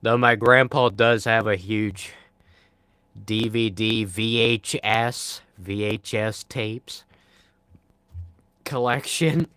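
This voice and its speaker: A man's voice: fairly low pitch, fairly bright tone, clean tone, no room sound. A young man live streaming, chatting casually and answering viewer comments in a laid-back, rambling way with frequent sighs.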